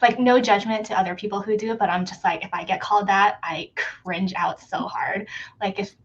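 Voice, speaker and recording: A woman chatting casually on a reading stream, animated and giggly. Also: mid-range voice, moderate pace, highs cut off. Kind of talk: casual chat.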